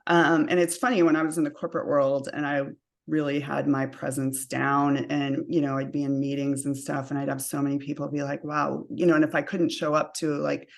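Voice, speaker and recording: Woman coach chatting loosely, bit of vocal fry, lots of you-knows. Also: low voice, fairly quick. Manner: relaxed, frequent "you know" and "um" fillers. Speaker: guest, energy and career coach. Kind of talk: casual interview chat.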